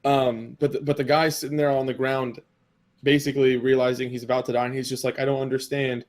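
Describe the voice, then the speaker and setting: A man's voice: mid-range voice, little pitch movement, brisk. Rambling man retelling an anime episode. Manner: rambling, filler-heavy storytelling with quoted dialogue. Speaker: podcast co-host. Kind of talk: casual chat recapping an anime episode.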